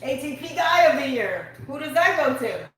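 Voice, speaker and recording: A woman co-hosting a live online sports talk show, chatty and quick to laugh. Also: high voice, very animated, a little hiss or hum. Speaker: show co-host. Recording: distant, very echoey room.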